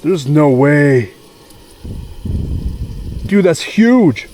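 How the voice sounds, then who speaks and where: A man's voice: mid-range voice, a little slow, slight background noise. Casual young man vlogging outdoors. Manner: casual slang, swears, excitable when startled. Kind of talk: casual camping vlog. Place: outdoors at a wilderness campsite.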